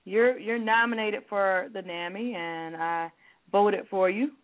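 A woman's voice: mid-range voice, a little slow. A woman hosting an interview, chatting casually and encouraging her guest. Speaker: host. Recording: tinny phone-like line.

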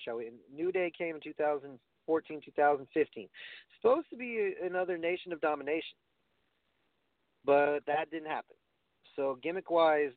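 On a dry, phone-like recording, a fairly high-voiced man co-hosts a laid-back wrestling talk show. He swears, speaks his mind bluntly, and often starts over mid-thought.

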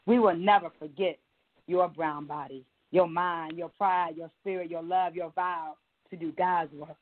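A woman's voice: lowish voice, steady tone, unhurried. A woman poet comes through a thin, phone-like line that narrows her voice. She reads with a driving, rhythmic spoken-word cadence. In conversation she turns loose and chatty, leaning on casual fillers. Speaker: poet and interview guest. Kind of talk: spoken-word poetry reading, then casual interview talk.

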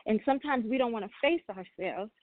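A woman's voice: on the high side, expressive, fairly quick, dry recording. A woman hosting a spiritual talk, speaking earnestly and often repeating and restarting her phrases. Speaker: spiritual reader and host. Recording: tinny phone-like sound, dry.

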